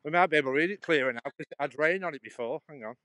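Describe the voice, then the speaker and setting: A man's voice: a little high, rapid-fire, sharp tone, no room sound. A man vlogging casually while walking outdoors through a churchyard, chatting in a rambling way with frequent restarts.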